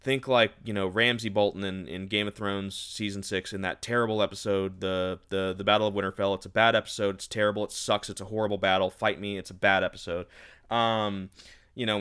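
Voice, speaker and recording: A man's voice: fairly low pitch, pushed and bright, smooth. A man giving a casual book review, rambling and sarcastic, exasperated by what he has read.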